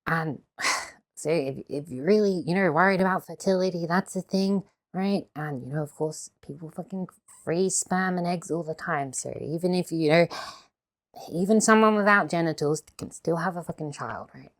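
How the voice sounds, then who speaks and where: Swearing woman, lowish voice. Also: normal speed. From Australia. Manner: heavy swearing, tag questions, heated ranting. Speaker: video host. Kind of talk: casual commentary vlog.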